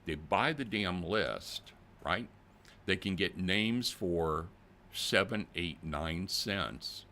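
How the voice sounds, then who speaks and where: An older man talks straight to his viewers in a plain-spoken, animated way. His voice is deep and gravelly, and his pitch rises and falls a great deal. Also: extremely slow, a little hiss or hum. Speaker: channel host. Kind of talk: casual video commentary.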